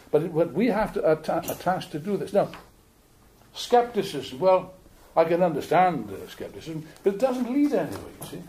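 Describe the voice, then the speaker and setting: An older man from Wales with a Welsh accent, giving an animated, joking political speech to an audience in a meeting room. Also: sits high, slight background noise. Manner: animated, jokey, repeats words while building points. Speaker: political speaker.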